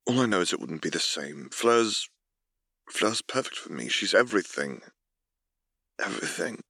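A man's voice: low voice, very animated, moderate pace, gravelly, slightly rough, dry recording, clean studio sound, heavily acted. Harry, a man voicing a wry young hero. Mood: tender. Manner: wry, soft-spoken. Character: young man, dry-humored dark lord hero. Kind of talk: audiobook character reading.

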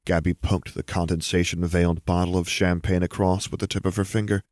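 A man narrating fan fiction as an audiobook in a steady, measured storytelling manner. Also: low-pitched, dry recording, studio quality.

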